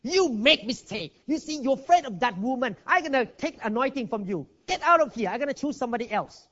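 A man's voice: very high-pitched, animated, brisk, sharp tone, full character voice. A man acting out an angry male deity who scolds harshly, on a dull lo-fi recording. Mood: scolding.

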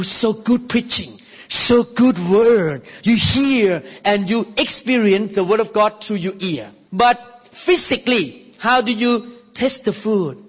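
A man preaching a sermon as pastor, animated and exclaiming, often breaking into laughter. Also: high voice, slightly rough. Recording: reverberant, dull lo-fi hall recording.

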